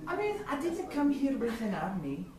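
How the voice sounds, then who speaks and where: A woman's voice: fairly high pitch, normal speed, noisy background. A woman on an improv stage playing a preachy, lecturing Scottish oriole bird with a put-on Scottish accent. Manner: lively, declaiming like a speech. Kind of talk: live improv comedy. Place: theatre stage, live audience. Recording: echoey room, far from the mic.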